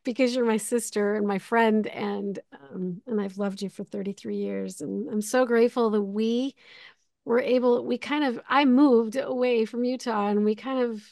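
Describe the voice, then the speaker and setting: A woman's voice: a little high, fairly even intonation, normal speed, creaky, a little mellow, no room sound, studio quality. A woman hosting a live online spiritual class, gushing and giggly as she speaks with emotion on a video call. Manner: effusive and giggly, gushing with feeling. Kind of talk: live online class, heartfelt closing remarks.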